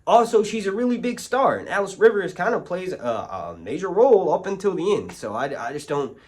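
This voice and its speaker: A man talking casually to camera as a video reviewer, rambling through restarts and tangents in an animated way. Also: high voice, brisk.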